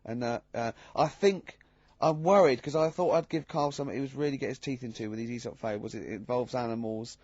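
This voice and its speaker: Teasing, stammering radio host. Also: male voice, darkish tone, dry recording. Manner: halting, teasing, bursts into high laughter. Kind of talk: casual radio banter. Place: radio studio. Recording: dull lo-fi radio recording, dry.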